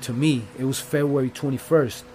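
A man's voice: medium pitch, steady tone, fairly quick, warm tone, slight background noise. A man, a rapper, telling a personal story in a loose, rambling, casual way with lots of fillers and swearing.

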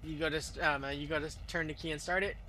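A male game master narrating a tabletop game. He rambles and restarts often, filling pauses with "um" and "uh". His voice is very bright and a touch high, with a faint hiss underneath. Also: steady tone. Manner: rambling, full of fillers and restarts.

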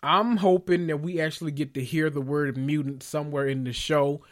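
A young man hosting a podcast, rambling in an excitable, gushing way and swearing freely as he corrects himself mid-thought. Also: a little high, moderate pace. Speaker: podcast host. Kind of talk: casual podcast rant.

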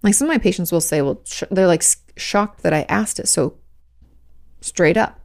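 Gravelly-voiced woman therapist, frank talk. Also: on the low side, normal speed. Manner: conversational, frank, many "like" fillers. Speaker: therapist and podcast host. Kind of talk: casual advice talk.

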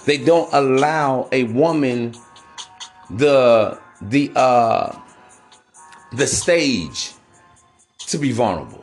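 A man's voice: medium pitch, expressive, slow, pauses often, faint music behind. A man hosting a podcast, giving relationship advice in a casual, profane, preachy monologue that keeps calling his listeners bro. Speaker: podcast host.

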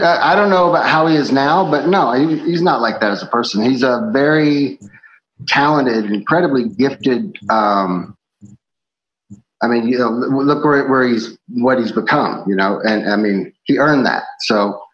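A man speaking as a musician guest in a casual interview, telling stories in a relaxed way with many fillers and restarts. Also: medium pitch. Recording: slightly dull, faint background noise.

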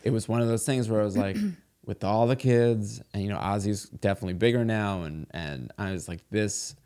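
A middle-aged man, a guest on a podcast, tells a long story in casual chat, full of fillers and restarts. His voice sits on the low side, brisk and darkish in tone.

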